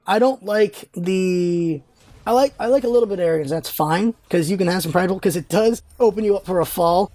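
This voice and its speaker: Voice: darkish tone, no echo. American vlogger rambling away, voice shoots up when worked up, dead dry mic. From United States. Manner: rambling, jumps high in pitch when exasperated. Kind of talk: casual opinion vlog.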